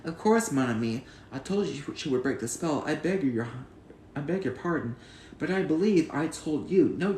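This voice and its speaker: A man's voice: fairly high pitch, a little mellow, roomy sound, a little hiss or hum. A man reciting memorized film lines and trivia, earnest and proud, at home. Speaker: channel host.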